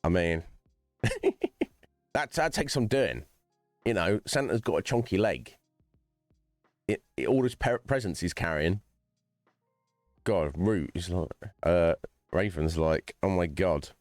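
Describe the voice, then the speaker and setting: A man's voice: sits low, expressive, measured pace, pauses often, no room sound, soft background music. A man streaming, chatting casually to his viewers in a rambling, conversational way with lots of restarts.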